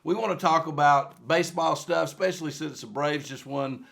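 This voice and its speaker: Gravelly-voiced man hosting a podcast. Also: a little high, moderate pace, fairly bright tone. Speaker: podcast host. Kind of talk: casual interview introduction.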